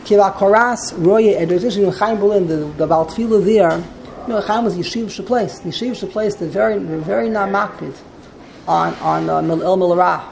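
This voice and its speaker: A woman's voice: lowish voice, a little fast, gravelly, a little mellow, a little hiss or hum, poor audio. A woman teaching a text study class, explaining and translating line by line and often wandering into side points.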